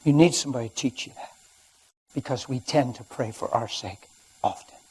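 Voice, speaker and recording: A man preaches a sermon in a husky voice. He tells a personal story and moves between quiet, hushed stretches and loud, emphatic ones. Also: mid-range voice, a little fast, rough recording. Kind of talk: sermon testimony. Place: church or studio.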